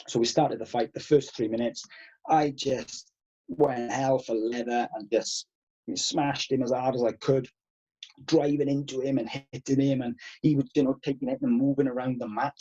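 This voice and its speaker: A man in his thirties, a karate instructor guest, telling animated stories and swearing freely. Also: medium pitch, normal speed, slightly rough, lo-fi sound. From Wales. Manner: animated, swears freely, acts out past exchanges. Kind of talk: casual podcast storytelling.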